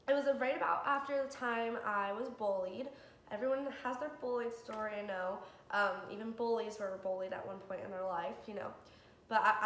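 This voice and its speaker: A woman's voice: medium pitch, a bit bright. A young woman vlogging, answering personal questions to the camera in a candid, earnest way with frequent ums. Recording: echoey room with faint background hiss.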